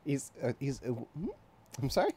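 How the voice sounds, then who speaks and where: A man's voice: medium pitch, sing-song, normal speed, warm tone, a little hiss or hum. A man co-hosting a podcast in casual chat, with dry humor, steering the conversation. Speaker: podcast co-host.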